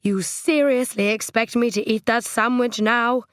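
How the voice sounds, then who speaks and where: A woman's voice: a little high, fairly even intonation, a little slow, smooth, no room sound, clean studio sound, voice pushed up, lightly acted. A woman voicing a fussy, petulant middle-aged widower in an audiobook, whining and aggrieved. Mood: indignant. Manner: whiny, indignant, aggrieved. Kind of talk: audiobook character voice.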